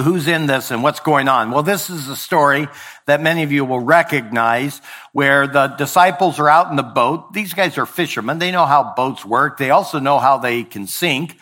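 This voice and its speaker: A man preaching a sermon as pastor, earnest, dropping quiet and then rising to emphatic points. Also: a little high.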